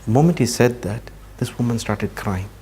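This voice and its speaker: A man giving a religious talk, telling a story earnestly and slowing down for emphasis. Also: medium pitch, expressive, dark tone, slight background noise. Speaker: Islamic speaker.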